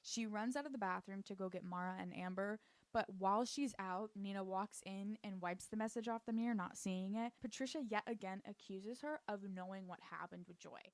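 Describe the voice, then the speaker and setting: A woman with a mid-range voice talks briskly on a recording with no echo. She recaps a TV show in a casual, sarcastic way, sprinkling in plenty of "like" asides.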